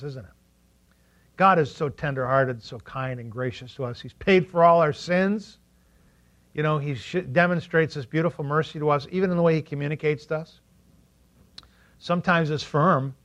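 A male pastor preaches to his congregation in a lively way, firing questions at them. He acts out quotes in funny voices. His voice sits fairly high, and the recording sounds dull and lo-fi. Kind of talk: sermon.

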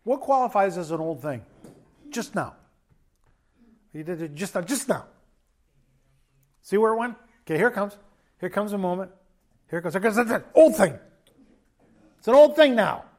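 A man's voice: high voice, animated, moderate pace, pauses often, darkish tone. A man preaching a sermon as pastor in a church, conversational and joking with emphatic bursts.

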